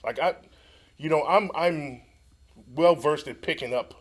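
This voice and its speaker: A man hosting a casual chat, relaxed and full of fillers, asking his guests questions in a media studio. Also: on the high side, measured pace. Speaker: host.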